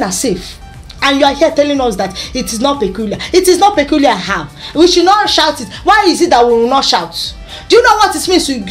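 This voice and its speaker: A Nigerian woman hosting a news commentary show, ranting with exasperation, firing off rhetorical questions and mixing in Igbo phrases. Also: high voice.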